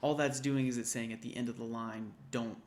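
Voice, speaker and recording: Tutoring an intro programming class, a man types through a screen-recorded coding walkthrough, casually thinking aloud and correcting himself. His voice is medium-pitched and steady in tone, going a little fast, with background noise and keyboard clicks audible.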